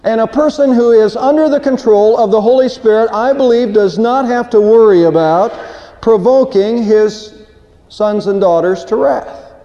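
A man's voice: high-pitched, moderate pace, warm tone. A man preaching a Sunday sermon, earnest and plain-spoken, stumbling over a word now and then and telling a folksy joke. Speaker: pastor. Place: church sanctuary. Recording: dull lo-fi church recording with long reverb.

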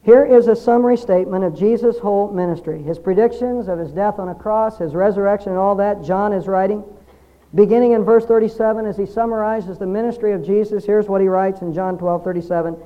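A man's voice: sits high, brisk. A man preaching a sermon, explaining scripture earnestly and building emphasis through repetition. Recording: dull lo-fi sermon recording.

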